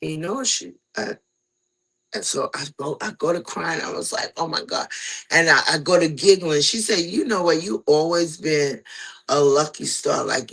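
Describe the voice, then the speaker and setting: A middle-aged woman spins a personal story in easy, casual chat and slips into the voices of the people she quotes. Her voice is gravelly and husky, with a bright, pressed edge. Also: fairly low pitch, rough recording. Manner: animated, acts out quoted voices. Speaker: guest telling her story.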